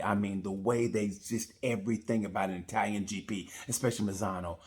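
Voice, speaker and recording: A man's voice: fairly low pitch, brisk, hardly any pauses. A man giving a rambling, profane comedic review of a motorcycle race. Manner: rambling, profane, animated storytelling. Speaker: comedy racing commentator.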